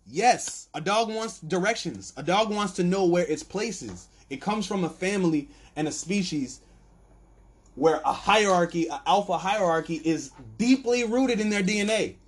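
A podcast host delivers a loose, rambling comedic monologue, telling stories animatedly with voiced bits. His voice sits high and is slightly rough.

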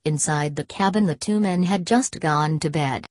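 A woman narrating a classic novel as an audiobook, in a measured, even storytelling delivery. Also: deep voice, no echo.

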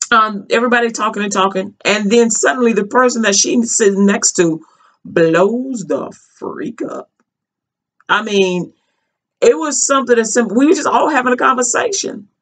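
A woman's voice: on the high side, a bit bright. Chatty woman telling a story. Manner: chatty, rambling, many fillers and restarts; colloquial, earnest. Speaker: vlogger. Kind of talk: casual storytelling commentary.

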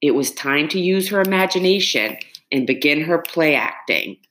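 A woman narrating a chapter book in an expressive, measured storytelling manner. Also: low-pitched. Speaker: audiobook narrator.

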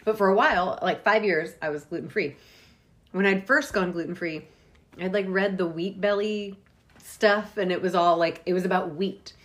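A woman's voice: fairly low pitch, normal speed. Nashville woman in her early 40s telling a funny story, chatty and wry, kinda laughs as she goes. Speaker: guest co-host. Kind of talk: casual storytelling.

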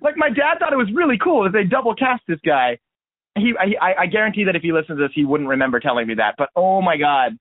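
Brief: wry male guest, high voice, dry phone-call sound. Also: very animated, quick pace, dry recording. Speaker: guest, teacher. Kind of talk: casual chat. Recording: dry tinny phone-like line.

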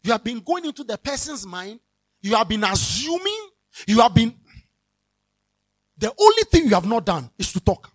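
A man's voice: very high-pitched, big pitch swings, moderate pace, pauses often. A man preaching a sermon, repeating key words and calling out to the congregation. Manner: repetitive, call-and-response preaching, bursts into shouting.

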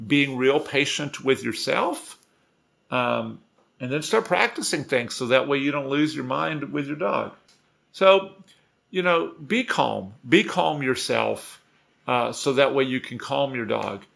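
Gravelly-voiced casual male dog trainer. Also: medium pitch, measured pace. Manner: relaxed, conversational, many restarts. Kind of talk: casual instructional talk.

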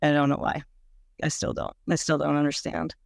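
A woman's voice: sits low, lively intonation, normal speed, gravelly, dry recording, studio quality. A woman recalling her own experiences in an interview, speaking frankly and casually, full of "like"s and the odd blunt swear word. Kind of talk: candid personal recollection.

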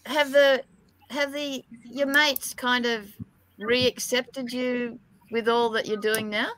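An Australian woman hosting a casual online chat, asking hesitant, gentle questions over a video call. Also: a little high, steady tone, slow, dry recording, poor audio. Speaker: host, psychic.

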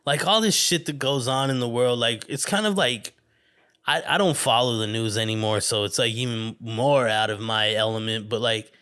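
A man's voice: medium pitch, normal speed, sharp tone, smooth. A man hosting a solo podcast, rambling casually, swearing constantly and laughing often. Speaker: podcast host.

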